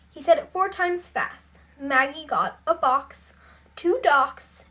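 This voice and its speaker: A woman's voice: sits high, animated, takes it slowly, bright, forceful tone. A woman reading a children's picture book aloud in a careful storytelling voice. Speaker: storybook reader.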